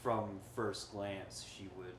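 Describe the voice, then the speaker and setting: A man talks through his character's actions in a tabletop game, often laughing as he goes. His voice is a bit low, and an echoey room with faint noise surrounds it. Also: slow pace. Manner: laughing, animated planning. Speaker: player.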